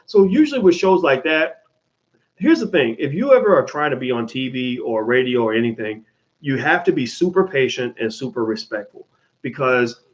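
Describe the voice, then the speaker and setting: A man hosting his own show, answering viewer questions in an animated, casual monologue full of restarts and swearing. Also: medium pitch. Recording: dull lo-fi sound.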